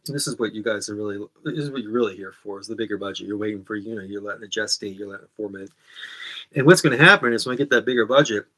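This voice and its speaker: Rambling bright-voiced comic host. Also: male voice, mid-range voice. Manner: rambling, self-correcting, sidetracked. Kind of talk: rambling comedic monologue.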